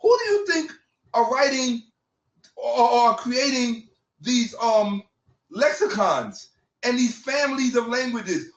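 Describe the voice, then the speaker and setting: A man's voice: extremely high pitch, animated, slow, a bit bright, echoey room, distant mic, poor audio. A man in a heated debate, angrily interrupting and repeating himself over and over. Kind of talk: heated argument.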